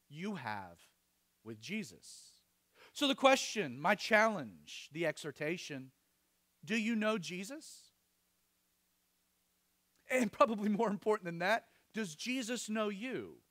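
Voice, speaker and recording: High, lively-voiced preaching man. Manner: expressive, emphatic, earnest. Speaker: pastor. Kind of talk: sermon.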